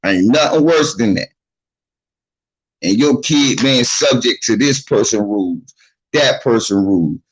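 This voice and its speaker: A man's voice: mid-range voice, animated, unhurried, long pauses, breathy edge, poor audio. A man giving blunt, profane, streetwise advice in a casual monologue, acting out the voices of the people he talks about. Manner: acts out quoted voices of others.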